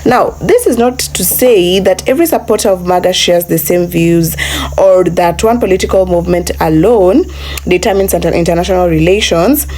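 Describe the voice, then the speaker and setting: Woman host, lowish voice, scripted commentary, halting uh-filled delivery. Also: a little mellow, slight background noise. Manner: addresses viewers as "family", frequent "uh" and restarts. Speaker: channel host.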